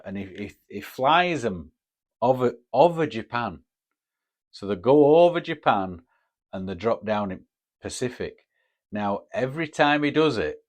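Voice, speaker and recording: Slow, low-voiced sweary Englishman. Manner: rambling, sweary storytelling. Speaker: podcast host. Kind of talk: casual monologue. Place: home in Japan.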